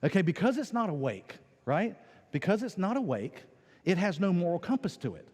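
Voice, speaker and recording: A man preaching a lively sermon, his voice higher than most men's and swinging widely in pitch. He acts out quoted voices as he goes. The sound carries a long reverb from the church hall around him. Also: normal speed. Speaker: pastor. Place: church sanctuary.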